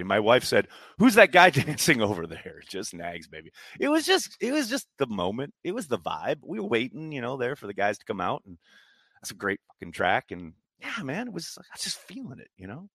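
A man's voice: low-pitched, pushed and bright, dry recording, studio quality. A man hosting a live fan chat stream, hyped and chatty as he reads comments and answers questions. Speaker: podcast host reading chat.

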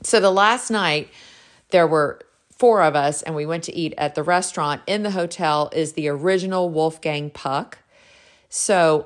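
Bubbly low-voiced woman telling stories. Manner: bubbly and gushing, heavy use of "like". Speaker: realtor and podcast host. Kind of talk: casual solo storytelling.

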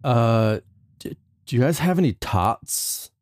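A man voicing an awkward nerdy teenage boy in a low, mumbling drawl. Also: expressive, slow, a little mellow.

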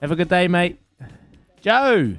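Upbeat New male radio host running a phone quiz; slightly high, smooth and clear. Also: expressive, normal speed, dry recording, soft background music. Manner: upbeat, calls callers mate and brother. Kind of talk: casual breakfast radio chat.

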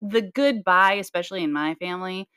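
A woman's voice: fairly low pitch, brisk, bright, forceful tone, smooth, dry recording. Woman co-host, casual chat, swears freely, sighs and laughs, dry close sound. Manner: loose, profane storytelling with sighs and laughs. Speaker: podcast co-host.

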